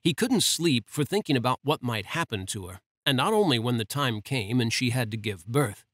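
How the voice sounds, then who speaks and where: A man narrating a romance audiobook in a steady, measured reading. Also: medium pitch, no room sound, clean studio sound.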